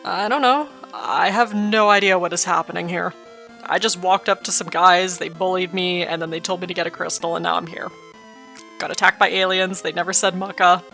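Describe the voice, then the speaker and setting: A woman's voice: lowish voice, fairly even intonation, brisk, vocal fry, sharp tone, soft background music. A woman voicing a sassy, bewildered ten-year-old boy hero in a fantasy game, talking in a flustered, exasperated way.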